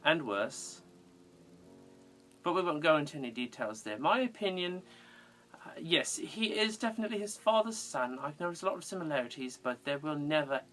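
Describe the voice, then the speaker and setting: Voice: mid-range voice, fairly bright tone, close to an everyday voice. A fan cosplayer playing an eccentric, giggling retired male undertaker from England, with a theatrical sing-song delivery and fond, whimsical manner. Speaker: fan cosplay answering viewer questions. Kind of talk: in-character fan parody video.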